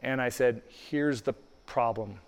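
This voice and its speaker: A man preaching in a church hall, his voice carrying a long reverb tail. He talks in an easy, conversational way, acting out the lines of the people in his story. The pitch sits in a middle range for a man. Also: measured pace, gravelly. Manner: conversational storytelling, acts out dialogue. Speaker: pastor. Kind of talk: sermon with storytelling and prayer.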